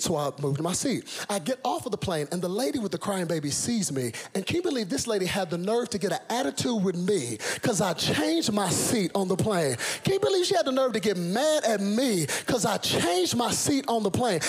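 A man in his thirties preaching with comic flair. His voice sits high and slightly husky, and he swings from hushed asides to loud phrases he nearly sings. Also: lively intonation, fairly quick. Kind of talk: sermon with comic storytelling.

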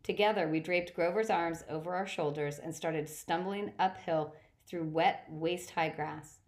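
A woman reading a first-person story aloud, steady, with occasional slips and restarts. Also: on the low side, measured pace. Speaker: audiobook reader.

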